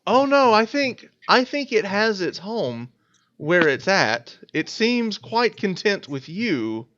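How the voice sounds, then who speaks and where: A woman's voice: medium pitch, big pitch swings, slow pace, a bit bright, highs cut off, voice pushed up. A man voicing a menacing snake-eyed woman who politely insists on getting her way in a tabletop game. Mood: smug.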